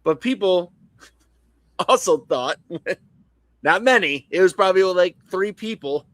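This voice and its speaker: Teasing co-host with a dry close sound. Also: male voice, high voice, lively intonation, takes it slowly, a bit bright, dry recording. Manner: crude, teasing, laughs often. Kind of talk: casual live-stream chat.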